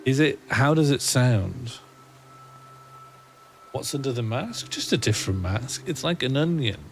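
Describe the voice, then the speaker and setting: A man's voice: mid-range voice, sing-song, measured pace, a little hiss or hum. A man, streaming a game and rambling wryly to himself and his chat. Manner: musing, rambling self-talk, wry. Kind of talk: casual gaming livestream chat.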